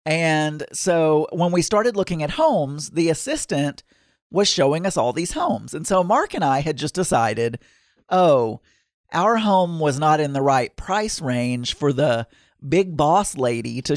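A man's voice: a little high, no echo, clean studio sound. A man casually telling a long personal anecdote in a rambling way, full of fillers and restarts.

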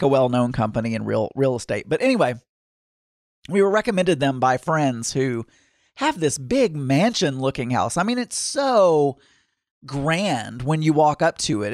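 Man, fairly high voice, rambling casual storyteller, lots of "like" and "I don't know", dry close recording. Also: no room sound. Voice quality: rambling, full of fillers and restarts. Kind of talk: casual anecdote.

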